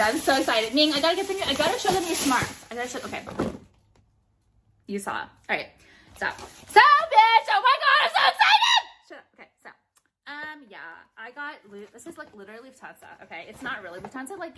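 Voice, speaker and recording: Blunt, swearing woman vlogger, noisy recording. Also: fairly high pitch. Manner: blunt, profane, ranting. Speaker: vlogger showing purchases. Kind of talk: casual haul chat to viewers.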